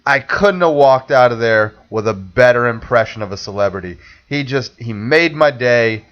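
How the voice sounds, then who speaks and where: A man co-hosting a podcast, telling a rambling, animated anecdote in casual chat, acting out quotes and swearing freely. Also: mid-range voice, moderate pace. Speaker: podcast co-host. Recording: dull lo-fi audio.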